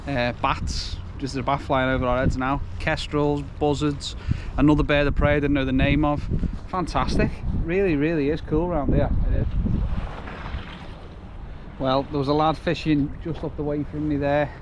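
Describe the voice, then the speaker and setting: Loud wind buffets the mic as this fishing vlogger chats to camera on a riverbank, grumbling and self-mocking. His voice is fairly high with fairly even intonation, delivered at a normal speed.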